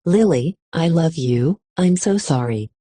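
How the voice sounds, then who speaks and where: Female reader voicing a quietly intense young man for an audiobook, low and mellow, dry close sound. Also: expressive, a little slow, breathy edge, no room sound, full character voice. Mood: panicked apology. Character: intense young man, shifting between menace and remorse.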